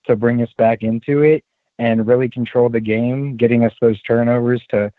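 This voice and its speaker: Flat-voiced man on a tinny phone line. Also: mid-range voice, moderate pace, no echo. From Orlando. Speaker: caller. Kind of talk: phone call-in.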